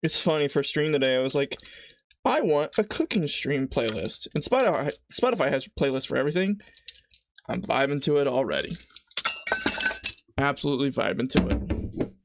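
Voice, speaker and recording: A man's voice: medium pitch, animated, brisk, gravelly, long pauses, slight background noise. A man chatting casually on a live stream as he cooks in his home kitchen, rambling to his viewers between tasks. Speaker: livestreamer. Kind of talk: casual live-stream chat while cooking.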